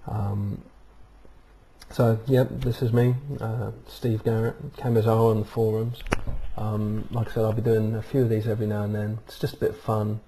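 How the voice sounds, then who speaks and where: Man, low voice, mellow tone, rambling casual vlog talk, webcam mic, faint background hum. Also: little pitch movement, moderate pace. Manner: rambling, many ums and uhs. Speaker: vlog host. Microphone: webcam microphone.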